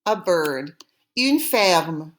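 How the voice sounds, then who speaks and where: A woman teaching French vocabulary, saying each word clearly and repeating it for students to copy. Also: on the low side, sing-song, a bit bright. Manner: slow, deliberate, repeating words for students. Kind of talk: language lesson drills.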